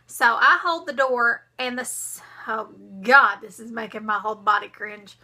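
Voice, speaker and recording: A young woman, telling a story to her vlog viewers in a dramatic, animated way. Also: on the high side, unhurried. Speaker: vlogger.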